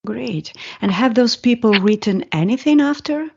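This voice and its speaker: A woman's voice: fairly high pitch, expressive, moderate pace, creaky, darkish tone, breathy edge, highs cut off. A woman interviewer asking short prepared questions in a brief, polite way.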